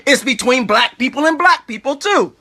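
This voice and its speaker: A man giving a motivational talk to his online viewers, preachy and animated, who keeps asking "all right?" and telling them to think about it. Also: very high voice, normal speed. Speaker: online video host.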